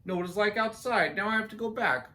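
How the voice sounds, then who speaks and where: A woman's voice: mid-range voice, fast talker, pushed and bright, natural voice. A woman voicing a polite, eager young seal in a read-aloud storybook, speaking earnestly.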